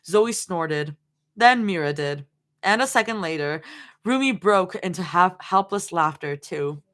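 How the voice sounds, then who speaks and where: A woman's voice: fairly low pitch, lively intonation, measured pace, fairly bright tone. A woman reading fan fiction aloud on a livestream, stopping often to laugh and chat with viewers. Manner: giggly, laughs often between lines. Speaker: fanfiction reader on a livestream. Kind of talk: live story reading with chat reactions.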